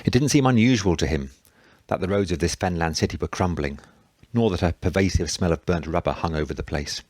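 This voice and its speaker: A man reading a novel aloud in steady, measured narration. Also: low-pitched, no echo. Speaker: audiobook narrator. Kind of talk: scripted narration.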